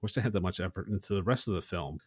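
Podcast co-host, male, lowish pitch, chatty and rambling, recorded dry. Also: racing, husky, no room sound. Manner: rambling, chatty, acts out quotes. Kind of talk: casual movie scene retelling.

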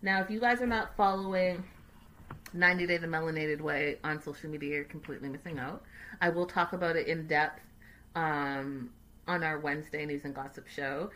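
Woman, livestream host, casual recap, animated, bright tone. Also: low-pitched, moderate pace. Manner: animated, chatty, sassy.

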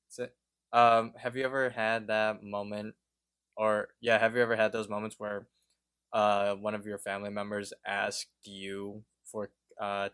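A man's voice: on the low side, fairly bright tone, smooth, no echo, studio quality. Young man tossing in joking asides. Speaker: podcast co-host. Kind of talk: casual chat.

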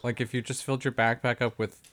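A man's voice: medium pitch, little pitch movement, quick pace, fairly bright tone. A man from Canada in casual comedic chat with a co-host, playfully riffing on silly bits. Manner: playful, riffs on silly bits and does voices.

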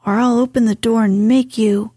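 A woman voicing a sulky, proud young gentleman in a soft, slow whispered role-play reading. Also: a little high, steady tone, breathy edge, dry recording, clean studio sound.

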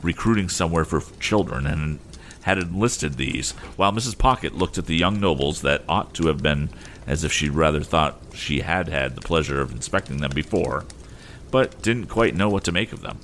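A man narrating a classic novel as an audiobook reader, measured and expressive. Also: a bass voice, a little hiss or hum.

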